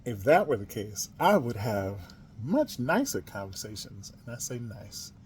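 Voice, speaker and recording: A man from the United States hosting a podcast, talking on his own in a casual monologue, emphatic, spelling words out and swinging from quiet to loud. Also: medium pitch, sing-song, unhurried, slight background noise. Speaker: podcast host.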